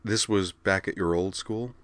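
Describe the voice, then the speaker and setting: A man's voice: sits low, fairly even intonation, a little slow, a bit bright, dry recording. A man voicing a polite, formal woman counselor who asks probing questions, in a read-aloud story. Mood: prim. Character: prim adult woman school counselor, prying and easily flustered. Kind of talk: audiobook character reading.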